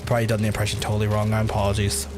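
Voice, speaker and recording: A man's voice: on the low side, completely flat delivery, rapid-fire, over music. A man streaming a video game, rambling and swearing in chatty asides to his viewers, close to his microphone. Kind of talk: casual gameplay livestream commentary. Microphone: close to the mouth.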